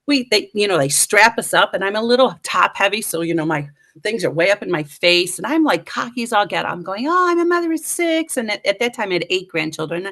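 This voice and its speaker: A middle-aged woman telling a story as a podcast guest. She is lively and pokes fun at herself, and she slips into little voices for the people she talks about. Her voice sits at a middle pitch for a woman. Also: a little fast, creaky. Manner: lively, self-mocking, acts out voices. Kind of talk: animated storytelling.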